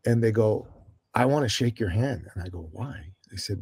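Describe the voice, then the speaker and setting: A man telling stories as a podcast guest, emphatic and preachy, swinging between loud declarations and quiet reflection. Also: fairly low pitch, expressive, moderate pace, creaky, breathy edge, dry recording. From Iran. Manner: emphatic, preachy, rises and falls in loudness. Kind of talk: impassioned interview storytelling.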